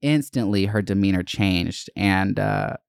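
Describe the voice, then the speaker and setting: A young adult host tells a story from their week in a loose, profanity-laced monologue and slips into higher voices for the people they quote. The voice is smooth and clear, recorded close on a dry mic with no room sound. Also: unhurried, no echo. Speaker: podcast host.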